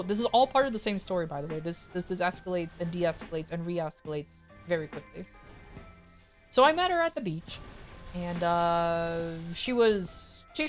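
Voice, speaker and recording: A woman streaming as a VTuber, telling a rambling, self-mocking story to her chat and jumping her pitch high when she quotes people. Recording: faint music behind.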